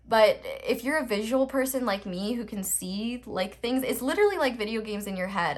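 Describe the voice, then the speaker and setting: Young adult female tarot reader, mid-pitched, candid and meandering, swears offhandedly. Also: fairly bright tone. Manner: earnest, rambling, full of "like" and restarts; blunt, swears casually. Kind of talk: casual spoken tarot reading.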